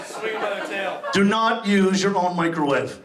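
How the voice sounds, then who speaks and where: A man's voice: sits high, normal speed. Man, middle-aged, from Massachusetts, stand-up comic, profane, echoey club, noisy crowd. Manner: brash, profane, rowdy crowd work. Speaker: stand-up comedian. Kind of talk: stand-up comedy set. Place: comedy club stage. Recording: distant, roomy club recording with loud crowd noise. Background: audience laughing and applauding.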